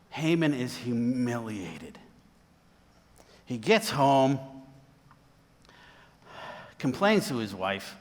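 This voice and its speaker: Animated preacher with a lively high voice. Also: male voice, slow, pauses often, in a large hall. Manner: animated storyteller, doing voices for characters. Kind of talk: sermon with acted-out Bible story.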